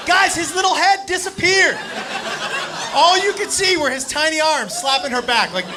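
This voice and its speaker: A male stand-up comedian telling a crude story, animated and loud, shouting his punchlines. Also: extremely high pitch, normal speed, crowd noise. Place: comedy club stage. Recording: live club set with audience laughter and noise. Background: audience laughing.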